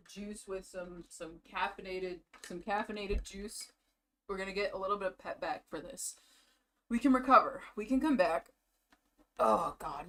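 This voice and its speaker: A tired, drained woman talks casually on a livestream, rambling and repeating herself. Her voice swings between heavy flatness and bursts of high, laughing emotion. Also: a little hiss or hum. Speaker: streamer.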